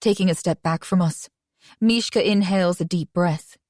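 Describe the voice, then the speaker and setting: A woman reading a romance audiobook in first person with an even, conversational delivery. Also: fairly low pitch, normal speed, no room sound, studio quality. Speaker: audiobook narrator.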